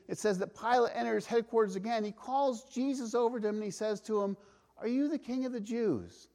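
A pastor preaching a sermon, earnest and emphatic, slowing for weight and firing off rhetorical questions. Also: male voice, high-pitched, dark tone.

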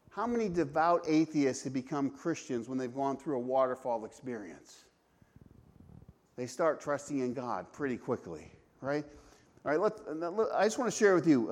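A man's voice: fairly high pitch, darkish tone. A man preaching a sermon, emphatic, asking rhetorical questions and restarting his phrases often. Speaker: pastor.

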